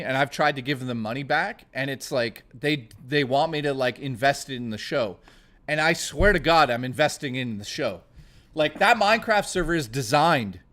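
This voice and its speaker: A man's voice: on the high side, bright, forceful tone. A man live-streaming, talking emotionally and rambling, stammering and swearing, close to tears. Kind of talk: casual live-stream chat.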